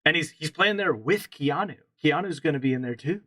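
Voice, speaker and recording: A man's voice: fairly high pitch, animated, fairly quick, sharp tone, no room sound, low-quality recording. A man co-hosting a casual podcast, chatting about games with strong opinions and frequent restarts. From central Pennsylvania. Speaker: podcast co-host.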